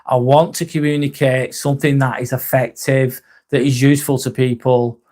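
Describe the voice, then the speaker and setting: A young English man chatting live to his viewers, halting and sincere, often trailing off and starting over. His voice sits at an ordinary middle pitch, and his talk is loose and unscripted. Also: flat delivery, mellow. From England. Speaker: livestream host. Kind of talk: casual live-stream chat, reading comments.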